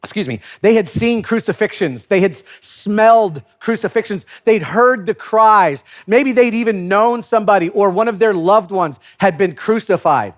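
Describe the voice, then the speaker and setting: Brief: a male pastor delivering a sermon, jokey, acts out the quotes, high and highly expressive. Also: normal speed, few pauses. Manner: animated storyteller acting out quotes, joking.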